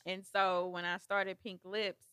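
A woman who owns a cosmetics business, speaking on a podcast in an easygoing, plain way. Her voice is bright and clear. The mic is dry and close. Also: medium pitch, flat delivery, a little slow, no echo. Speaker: cosmetics business owner and nail tech. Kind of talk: casual podcast chat.

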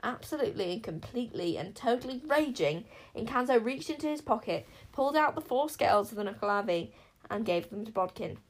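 A woman's voice: on the high side, lively intonation, fairly quick, rough recording. Woman reading a children's book aloud. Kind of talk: audiobook narration.

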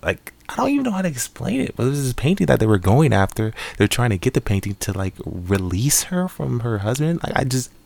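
A man's voice: fairly low pitch, vocal fry, a little mellow. A man giving a casual, rambling spoken movie review with many fillers and restarts. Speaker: film reviewer.

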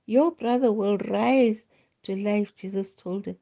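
A woman hosting a devotional, slowly reading Bible passages aloud with small stumbles. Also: mid-range voice, gravelly, mellow, muffled recording. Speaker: devotional host. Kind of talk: slow scripture reading.

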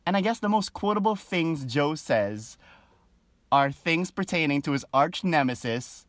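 Man, casual vlog rant, very lively swooping pitch, dry close sound, chatty. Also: unhurried, no room sound. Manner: animated, chatty, with frequent fillers; breaks into laughter often. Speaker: show reviewer.

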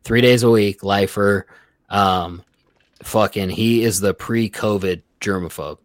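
A man telling workplace stories in a casual, profane, animated way. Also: lowish voice, a little slow, no echo. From Reno area, Nevada. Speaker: podcast guest. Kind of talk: casual storytelling.

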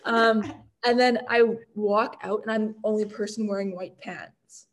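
A young woman from Canada, talking as a guest in a relaxed interview. She tells her stories in a chatty, animated way, with frequent fillers and quick restarts, her voice at an ordinary middle pitch. A faint hiss of background noise sits under her speech. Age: young adult. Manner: chatty, filler-heavy, animated storytelling with laughs. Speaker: guest, college football kicker. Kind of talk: casual storytelling interview.

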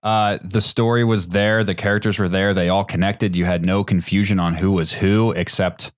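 A man guest co-hosting a podcast in casual chat, halting and stammering as he restarts sentences. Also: deep voice, steady tone. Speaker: guest co-host.

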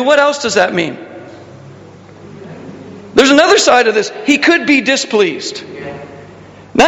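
A man's voice: very high voice, a bit bright, long reverb tail, highs cut off, a little hiss or hum. A male pastor preaching a conversational sermon, asking the congregation questions and telling stories.

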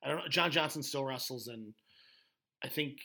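A man's voice: medium pitch, normal speed, vocal fry, bright, forceful tone. A man, a former pro wrestler, rambling through stories in casual podcast chat with lots of fillers and laughter.

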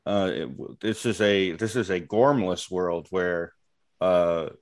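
A man in casual chat, talking haltingly with many fillers and casual swearing. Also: low-pitched.

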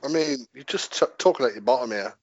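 A man's voice: mid-range voice, expressive, fast, no echo, lo-fi sound. A man co-hosting a casual chat, joking around and playing with silly accents. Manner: jokey, playful, trying out accents. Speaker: podcast co-host.

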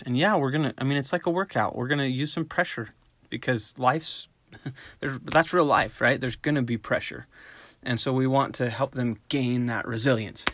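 A middle-aged man talks through dog training in an easygoing, conversational way, now and then slipping into quick voiced examples. His pitch sits in an ordinary middle range, and the sound is dry and close with no room echo. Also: a bit bright. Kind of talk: casual instructional talk.

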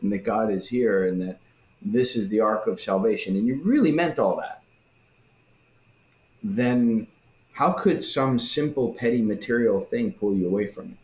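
A man in a casual religious discussion who talks in an animated way and acts out the voices he quotes. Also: on the low side. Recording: roomy echo.

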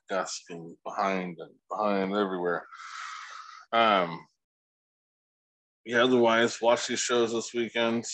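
A man's voice: on the low side, a bit bright, dry recording, rough recording. A man co-hosting a casual podcast, laid-back and rambling, swearing freely. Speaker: podcast co-host.

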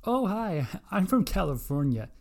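A high, bright, bubbly young Californian gushes in a chirpy, exaggerated voice, as a man puts it on mockingly. The pitch leaps well above his usual speech, and the voice turns loud and sunny. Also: big pitch swings, unhurried, creaky, exaggerated voice.

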